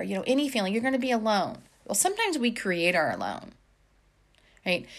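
A woman life coach giving casual, encouraging advice to viewers, chatty with many fillers. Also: fairly high pitch.

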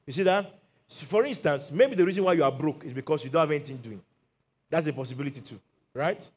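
A man's voice: a little high, expressive, quick pace, darkish tone, breathy edge. A middle-aged Nigerian man preaching a sermon as lead pastor, leading the congregation in call-and-response declarations.

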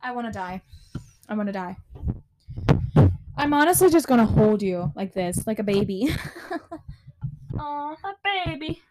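A woman's voice: mid-range voice, expressive, unhurried, long pauses, very noisy. A teenage girl hosting her own podcast from a small bedroom, chatting casually, swearing often and breaking into sudden exclamations of frustration. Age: teens. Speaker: podcast host. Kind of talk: casual solo podcast chat.

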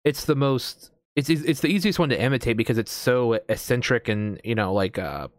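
A man's voice: medium pitch, animated, brisk, no room sound, studio quality. An American man in casual chat as a host, rambling with lots of fillers and casual swearing. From United States.

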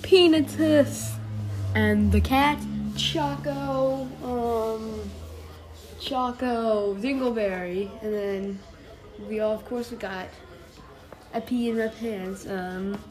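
A woman's voice: on the high side, steady tone, slow pace, over music. A woman hosting a silly improvised podcast, rambling goofily and switching into playful voices. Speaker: podcast host. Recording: noisy home recording with clicks.

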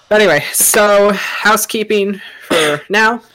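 A man acting as dungeon master, chatting casually with his players on a stream. His voice sits a little higher than most men's, and he delivers housekeeping news in a light, joking manner. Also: slow pace, pushed and bright. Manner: joking, easygoing announcements.

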